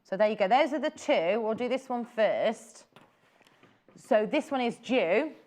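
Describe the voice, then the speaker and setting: A woman's voice: fairly high pitch, animated, unhurried, a little mellow. Gushing woman presenting fabrics. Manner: chatty and gushing, exclaims over fabrics. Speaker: shopping channel presenter. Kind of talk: live TV selling chat.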